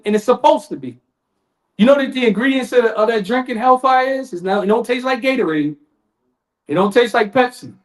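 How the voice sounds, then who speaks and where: A man's voice: very high voice, fairly bright tone. A man giving a sermon at a community event, in casual street talk, dramatic and acting out voices. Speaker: lecturer.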